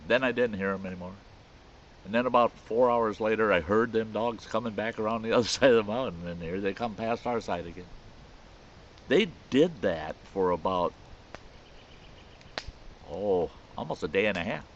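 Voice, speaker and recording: A man's voice: fairly low pitch, moderate pace, long pauses. A man telling a rambling, folksy story about an old friend in a casual spoken style. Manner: folksy, rambling, with restarts and chuckles. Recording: slightly muffled recording with faint hiss.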